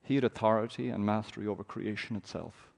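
Gravelly-voiced male preacher. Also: lowish voice, fast talker, darkish tone. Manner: dramatic, reads scripture with raised voice. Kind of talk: sermon.

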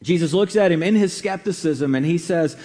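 A man preaching a sermon, conversational and unhurried, with fillers and restarts. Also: fairly high pitch, dark tone, long reverb tail.

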